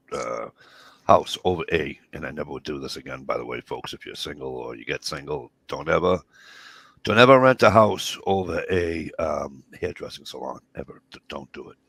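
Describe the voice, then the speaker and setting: A man's voice: very deep voice, normal speed, fairly bright tone, breathy edge, no room sound. A middle-aged man, telling rambling, profane stories and acting out the dialogue. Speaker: podcast co-host. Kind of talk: casual storytelling chat.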